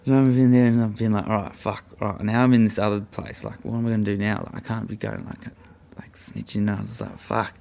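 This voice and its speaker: A young man tells a story in a loose, rambling way, swearing often and leaning on fillers. His voice sits a little low and has a gravelly, crackly edge. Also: flat delivery, fast talker, few pauses, mellow. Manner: profane, rambling, full of fillers. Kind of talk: casual storytelling.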